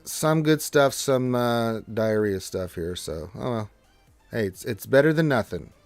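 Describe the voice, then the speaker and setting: A man hosting a casual gaming livestream from home on a close desk mic, chatty and excitable, talking to himself as he plays. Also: mid-range voice, a little slow, no room sound, soft background music. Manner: excitable, chatty, talks to himself while playing. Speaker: livestream host.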